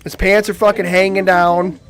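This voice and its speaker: A man's voice: high voice, flat delivery, normal speed, crowd noise. A man hosting a comedic commentary show, ranting in disbelief and swearing freely. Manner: incredulous, swearing rant. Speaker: show host.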